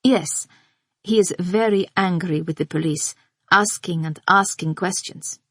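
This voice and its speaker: A woman's voice: on the low side, unhurried, a bit bright, no echo, clean studio sound. Woman narrator doing a tense young woman. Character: tense, rattled young woman friend of the victim.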